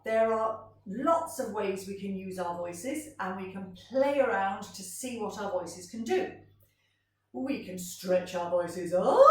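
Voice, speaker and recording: A woman music teacher leading a gentle, encouraging vocal warm-up lesson for children, in a sing-song way. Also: medium pitch, far from the mic. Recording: roomy sound from off-mic.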